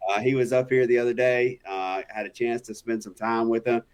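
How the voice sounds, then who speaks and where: An easygoing man hosts a casual interview, backing up his guest and filling pauses with "uh" and "yeah". His voice sits at a middle pitch for a man. He talks in a relaxed, conversational way. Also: clean tone. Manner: easygoing, affirming, frequent "yeah" and "uh". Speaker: podcast host.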